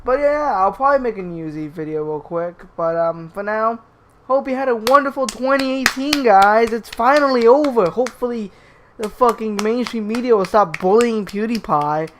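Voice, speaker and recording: A man's voice: high voice, expressive, moderate pace, a bit bright, slight background noise. A young man commenting on clips, swearing constantly and stumbling over his words as he restarts them. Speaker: YouTube commentator. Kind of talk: profane rant commentary.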